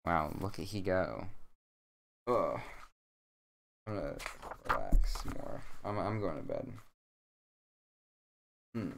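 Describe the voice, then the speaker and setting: Casual young guy, low voice, rambly deadpan bedtime story reading at a desk mic. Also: takes it slowly, gravelly, pauses often, slight background noise. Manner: rambling, with jokey deadpan asides. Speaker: streamer.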